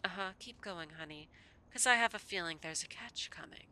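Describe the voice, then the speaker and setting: A woman's voice: lowish voice, normal speed, bright, forceful tone. A woman doing a flirty, taunting vampire woman. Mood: sly. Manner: teasing drawl, at times Southern.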